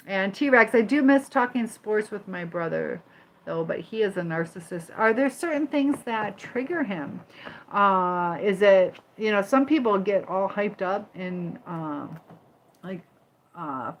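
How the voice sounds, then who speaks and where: Slow, chatty woman livestream host. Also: mid-range voice, slight background noise. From Michigan and Indiana. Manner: chatty, reads viewer comments aloud and greets them by name; firm when moderating the chat. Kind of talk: casual livestream chat.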